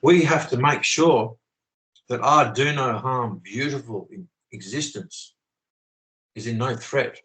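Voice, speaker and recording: Forceful, swearing man on a video call. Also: medium pitch, slow, rough recording. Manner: swears often, forceful, preachy. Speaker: channel host. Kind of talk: impassioned conversational rant.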